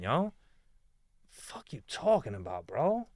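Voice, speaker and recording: A man's voice: medium pitch, big pitch swings, moderate pace, no room sound, studio quality. A man giving heated reaction commentary, swearing often and firing off rhetorical questions.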